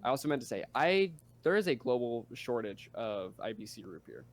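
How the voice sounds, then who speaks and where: A man's voice: mid-range voice, big pitch swings, a little fast. A young man co-hosting a podcast, talking bluntly and jokingly with plenty of swearing. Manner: blunt, swears a lot, jokey. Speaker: podcast co-host. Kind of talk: casual chat.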